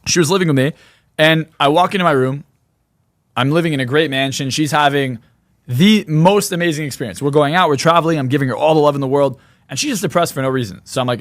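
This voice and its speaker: A man's voice: fairly high pitch, fast talker, no echo, clean studio sound. A man speaking as a podcast guest in a blunt, emphatic, opinionated way. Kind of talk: podcast interview.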